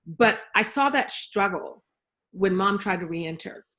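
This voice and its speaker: A woman guest in a casual conversation, telling stories in an enthusiastic, animated way. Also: medium pitch, a little slow.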